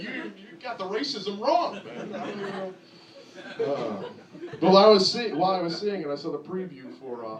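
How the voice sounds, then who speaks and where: Performing crude, sarcastic stand-up at a comedy club, a young man from New Jersey with a New Jersey accent keeps jumping into mock voices. His voice sits high and is captured from a distance amid heavy background noise, the echoey room full of crowd laughter.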